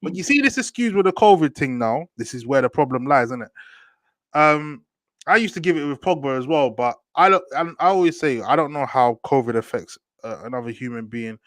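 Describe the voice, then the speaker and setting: A young man hosts a casual football chat full of slangy, animated banter, repeatedly asking "do you get me." His voice is medium in pitch and brisk, recorded close and dry with no room sound.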